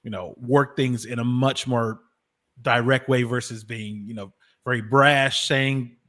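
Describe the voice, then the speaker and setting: A man's voice: mid-range voice, fairly even intonation, unhurried, sharp tone. Wry man chatting on a livestream. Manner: wry, hedging with fillers. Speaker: livestream panelist. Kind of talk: casual livestream panel chat.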